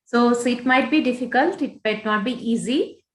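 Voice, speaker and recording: A woman's voice: fairly high pitch, moderate pace, a little hiss or hum. Woman, meditation class guide, reassuring, explaining, roomy echo, video call. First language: Tamil. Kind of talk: answering a participant's question.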